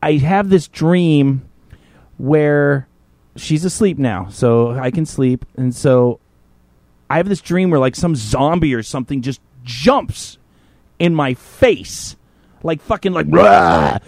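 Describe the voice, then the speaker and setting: Profane, animated storytelling man. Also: on the high side, takes it slowly, no room sound. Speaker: podcast host. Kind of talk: casual storytelling chat.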